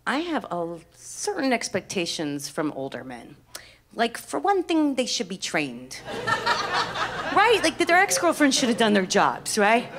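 A woman's voice: on the high side, a little slow. Brash woman doing stand-up. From Miami. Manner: brash, animated, swears a lot. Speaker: stand-up comedian. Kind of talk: stand-up comedy. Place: comedy club stage. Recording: live stage mic with loud crowd laughter.

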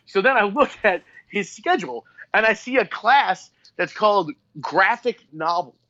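Man, thirties, podcast co-host, profane animated storyteller, slightly high voice, muffled lo-fi sound. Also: moderate pace. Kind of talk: casual chat.

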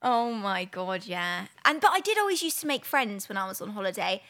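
A woman's voice: medium pitch, big pitch swings, a little fast, pushed and bright. A young woman co-hosting a podcast, telling holiday stories in a chatty, giggly way full of "like". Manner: chatty, giggly storytelling with lots of "like". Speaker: podcast co-host. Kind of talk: casual chat.

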